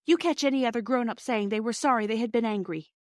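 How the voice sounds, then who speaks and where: A woman doing an earnest young girl, high-voiced. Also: fast talker, a little mellow, dry recording, clean studio sound, natural voice. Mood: admiring.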